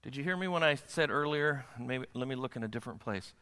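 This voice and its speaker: A man's voice: mid-range voice, fast, bright, forceful tone, clean tone. A pastor preaching a sermon to his congregation, often asking them rhetorical questions. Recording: long hall reverb.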